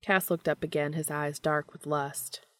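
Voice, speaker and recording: A woman narrating a story aloud in a steady, even reading voice. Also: deep voice, measured pace, no echo. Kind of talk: audiobook reading of fan fiction.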